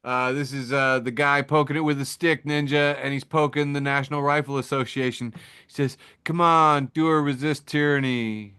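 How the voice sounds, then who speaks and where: A man hosting a casual podcast over a call, reading memes aloud, laughing often and swearing, quick to poke fun at himself. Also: medium pitch, steady tone, a bit bright, clear, resonant tone. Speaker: podcast host. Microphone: remote call mic.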